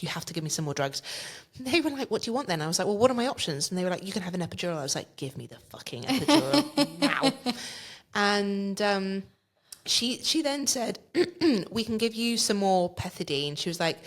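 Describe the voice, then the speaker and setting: A woman guest on a podcast, telling a story in casual chat, acting out the other people's lines and swearing freely. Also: fairly low pitch. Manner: vivid, swears freely, acts out quoted dialogue.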